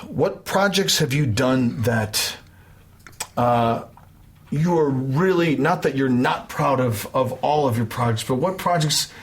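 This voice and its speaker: A man's voice: mid-range voice, expressive, takes it slowly. Upbeat, encouraging male podcast host. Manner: upbeat, encouraging, laughs often. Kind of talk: casual interview chat.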